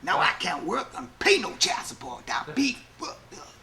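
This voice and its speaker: A man's voice: sits high, wildly swooping pitch, normal speed, creaky, bright, forceful tone, pitched above the performer's own voice, heavily acted. A man putting on a wry, drawling old inmate. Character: older male inmate, wry and resigned.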